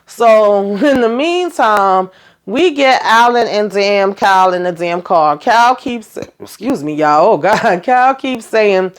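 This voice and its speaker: Lively woman recapping a TV episode. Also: medium pitch, slow pace, clear, resonant tone. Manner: animated retelling, acting out dialogue, frequent laughs; slangy, addresses viewers directly. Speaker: TV recap vlogger.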